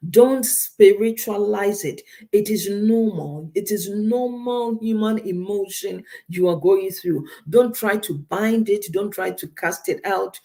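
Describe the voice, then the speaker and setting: A woman's voice: medium pitch, unhurried, few pauses, mellow. A woman counselor giving emphatic, direct advice to listeners on a radio show, often repeating her key points.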